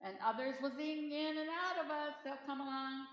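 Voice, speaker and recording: A middle-aged woman with a bright, forceful, slightly high voice leads a church training session. She talks in a chatty way, wandering into stories and asides. The sound comes from a roomy hall with a long tail of reverb. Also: fairly even intonation, normal speed, highs cut off. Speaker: disaster response trainer. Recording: echoey hall.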